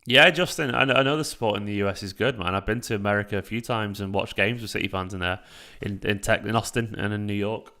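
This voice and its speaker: Gravelly low-voiced man. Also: fast talker, hardly any pauses, pushed and bright. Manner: casual and sweary, reading out chat messages. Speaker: fan channel host. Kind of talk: live watchalong chat.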